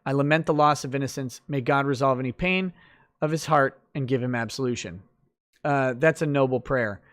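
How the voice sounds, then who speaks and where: A man with a mid-range, slightly bright voice hosts a late-night livestream at a moderate pace. He chats loosely through viewer comments, with lots of fillers and restarts.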